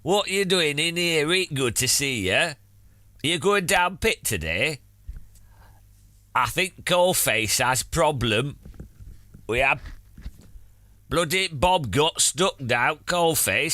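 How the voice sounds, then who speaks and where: A man's voice: fairly high pitch, expressive, slow pace, pauses often, pushed and bright, no echo, full character voice. A man streaming live in a put-on Northern English voice, playing a bluff, swearing coal miner who drops his articles. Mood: jovial.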